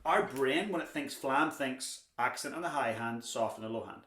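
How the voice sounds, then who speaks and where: Pitched in the middle and delivered at normal speed, this young man's voice sounds pushed and bright as he teaches drums. His instruction is talkative and supportive, with a dad joke here and there, recorded in an echoey space with noticeable background noise.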